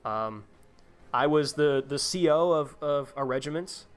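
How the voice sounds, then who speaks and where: A man's voice: on the high side, unhurried, clear, resonant tone, soft background music. A young man live-streaming a game, chatting casually and rambling with lots of fillers and restarts. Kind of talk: casual gameplay commentary.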